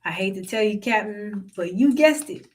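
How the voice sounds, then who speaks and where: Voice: mid-range voice, lively intonation, normal speed, far from the mic, close to an everyday voice. A narrator putting on a sly old farmhand. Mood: deadpan. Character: sly old male farmhand, calm and mocking.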